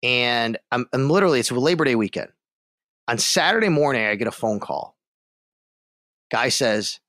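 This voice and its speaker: A man's voice: mid-range voice, normal speed, long pauses, dry recording, studio quality. A man, a sports radio host, telling a story as a podcast guest and acting out the other voices. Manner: animated, acts out the other voices in his story.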